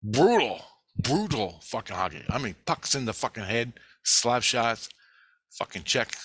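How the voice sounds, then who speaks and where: A middle-aged man telling rambling, profane stories from his past in a casual monologue, getting loud when excited. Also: lowish voice, husky, dry recording. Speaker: vlogger.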